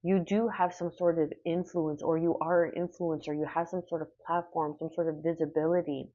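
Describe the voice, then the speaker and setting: A woman's voice: sits low, flat delivery, fairly quick, warm tone, lo-fi sound. A woman doing a casual spoken tarot reading, rambling and reassuring with many fillers. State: hiccuping. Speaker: tarot reader.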